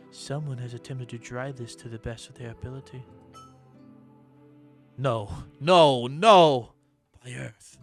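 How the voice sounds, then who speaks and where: A man playing a game demo who reads its narration aloud and breaks off into quick, dramatic reactions. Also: mid-range voice. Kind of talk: let's-play commentary, reading game text aloud.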